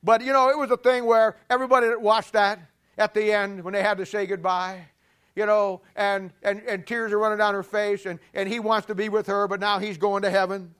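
A man preaching a sermon to a congregation, animated, repeating himself often and swinging between loud and hushed. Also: high-pitched, fairly quick, clear, resonant tone. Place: church before a congregation.

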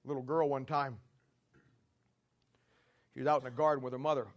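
A man preaching a sermon in a folksy storytelling way, repeating himself, clearing his throat, and swinging between loud climaxes and quiet asides. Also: medium pitch, flat delivery, brisk. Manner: builds to loud shouting climaxes, then drops quiet; repetitive, clears throat often.

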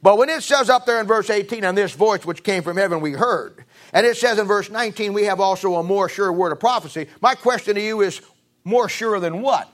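High-voiced emphatic preacher man. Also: brisk. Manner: emphatic, rising to high-pitched emphasis and dropping low; repeats phrases, restarts. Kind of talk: sermon.

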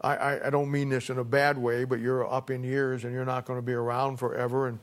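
A man preaching who voices an eager young male apprentice, stammering as he pleads and rising high when angry. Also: little pitch movement, a little fast, close to an everyday voice. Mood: pleading. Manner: stammering, pleading then shouting in outrage.

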